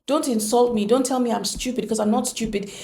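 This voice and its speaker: A woman's voice: fairly high pitch, a little fast, a little mellow, slight background noise. A woman giving an earnest, emphatic motivational monologue on relationships, full of rhetorical questions. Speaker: relationship speaker.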